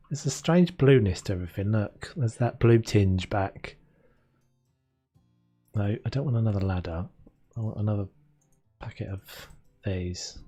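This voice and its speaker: This is casual gameplay commentary from a young man streaming a renovation game, rambling and chatty, addressing chat and laughing a lot. His warm, lowish voice moves a little slowly with long pauses, and faint game music sits in the background.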